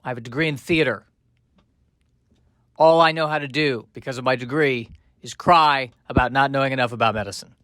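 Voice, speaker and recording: A man's voice: mid-range voice, brisk, pauses often, bright, forceful tone, no echo. A man hosting a podcast, rambling through comic, self-mocking asides in a casual monologue. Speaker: podcast host.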